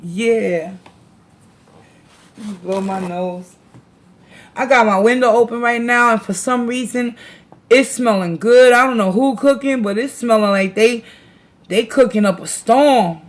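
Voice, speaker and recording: Woman, livestream host, casual chat, slangy, laughs often, unhurried. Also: a little high. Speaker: tarot reader and livestream host.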